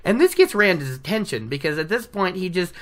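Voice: medium pitch, very animated, brisk, fairly bright tone. A podcast host casually retelling a novel from notes, chatty and laughing between asides. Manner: chatty, laughing, self-interrupting. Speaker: book recap podcast host.

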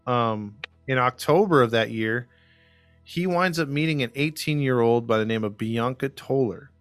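A man's voice: mid-range voice, normal speed, a bit bright, no room sound, faint music behind. Rambling male true-crime podcast host. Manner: rambling, lots of fillers, acts out quotes. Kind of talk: casual true-crime storytelling.

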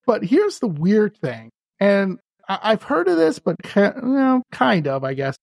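A woman host in casual conversation, telling stories in an animated way and agreeing often. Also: mid-range voice, creaky, dry recording, clean studio sound. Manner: animated storyteller, quick to agree.

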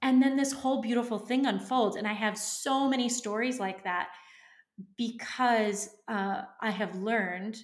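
A woman entrepreneur, a guest in an interview, telling a story in a lively, animated way and acting out her own inner voice. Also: fairly high pitch, a little slow.

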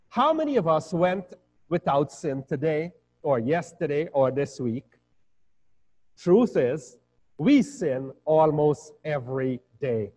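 Male pastor, slightly high voice, lively measured preaching; dull, reverberant hall recording. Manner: measured preaching with rising emphatic peaks. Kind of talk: sermon.

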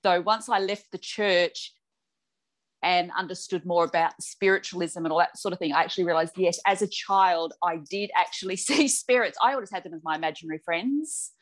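A woman's voice: fairly low pitch, fairly quick. A woman, a clairvoyant medium telling her story as a podcast guest, chatty and acting out the dialogue she quotes. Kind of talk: casual podcast interview.

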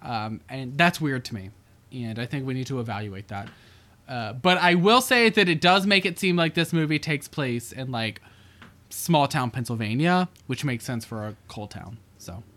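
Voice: mid-range voice, moderate pace, fairly bright tone. A podcast co-host in casual chat about a movie, rambling with many fillers and swearing freely.

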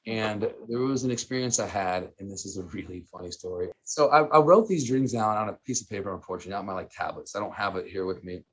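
A man in his thirties, a guest telling a personal story in casual, animated talk, full of fillers and laughter. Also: on the low side, quick pace, few pauses, slight background noise.

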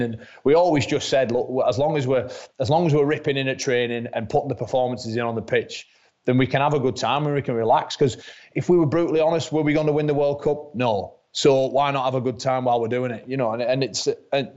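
A chatty man speaks as an interview guest at a mid pitch, often repeating words as he restarts. The recording sounds dull and lo-fi. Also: darkish tone. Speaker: guest rugby league player. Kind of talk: casual interview chat. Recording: dull lo-fi audio.

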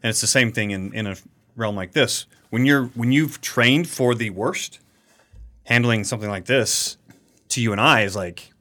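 A man co-hosting a casual podcast, talking in a relaxed way and laughing often. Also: mid-range voice, normal speed. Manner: relaxed, laughs often, short agreeing replies. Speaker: podcast co-host.

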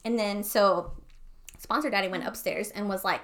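A young woman tells a story on a podcast in a loose, casual ramble. She swears freely and talks at an ordinary pitch. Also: moderate pace, fairly bright tone. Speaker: podcast co-host. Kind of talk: casual chat.

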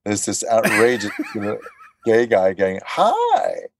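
A man being interviewed as a voice actor, telling animated stories and acting out quotes. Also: lowish voice, a little slow, background noise. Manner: animated storyteller, acts out quotes. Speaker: voice actor guest. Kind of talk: casual interview chat.

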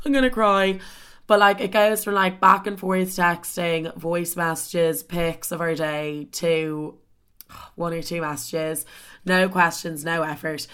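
A young woman telling a story in a casual, animated way, swearing often and saying "like" constantly. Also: fairly low pitch, slow pace, clean tone. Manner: animated, swears a lot, heavy filler "like".

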